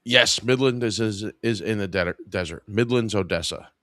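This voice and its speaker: A man's voice: lowish voice, moderate pace, fairly bright tone, dry recording, studio quality. A man in his forties hosting a live podcast, telling a casual work story in an irreverent, wry way. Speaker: podcast host.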